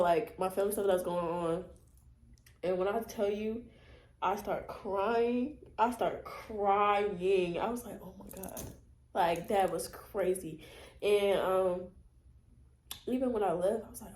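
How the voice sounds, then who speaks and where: A young woman recounts a faith experience in loose, casual talk, her sentences full of likes and restarts. Her voice sits at a middle pitch, and the room gives it a noticeable echo. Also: a little mellow. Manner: storytelling with many likes, emotional. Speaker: podcast co-host. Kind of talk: casual faith testimony chat. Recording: roomy echo.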